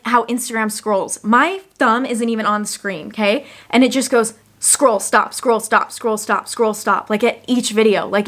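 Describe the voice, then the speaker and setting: Chatty young woman vlogger. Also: a little high. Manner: chatty, animated, says "like" often. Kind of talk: casual storytelling to camera. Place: one-room studio home.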